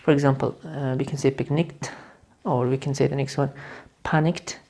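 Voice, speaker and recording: A woman's voice: very deep voice, steady tone, warm tone, a little hiss or hum. A woman teaching English grammar in a video lesson. She repeats key words over and over and explains step by step, with frequent restarts. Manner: halting, with restarts and fillers while explaining.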